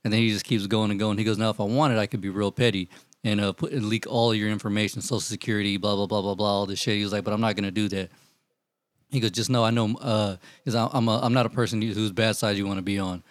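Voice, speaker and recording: A man telling profane, animated stories in casual chat with friends, acting out what people said. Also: lowish voice, quick pace, no echo. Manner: profane, animated storytelling, acts out quotes. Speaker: storyteller among friends.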